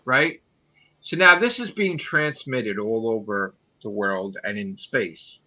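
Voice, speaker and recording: A man co-hosting a casual streamed podcast, pitching a story idea with excitable, profane energy and a habit of checking in with "right?" after each point. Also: slow pace, muffled recording. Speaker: podcast co-host.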